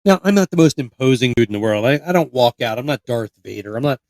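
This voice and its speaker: A man in his late twenties from Pennsylvania, co-hosting a podcast and telling a profane, animated story with mock voices. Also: medium pitch, fast talker, no room sound, poor audio. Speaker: podcast co-host. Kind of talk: casual storytelling chat.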